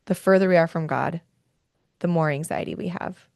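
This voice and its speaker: A woman's voice: lowish voice, moderate pace, gravelly, darkish tone, dry recording, clean studio sound. A woman hosting a faith and wellness podcast, speaking earnestly and with feeling, often worked up about her point. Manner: earnest, heartfelt, gets worked up. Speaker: podcast host. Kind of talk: faith-based wellness talk.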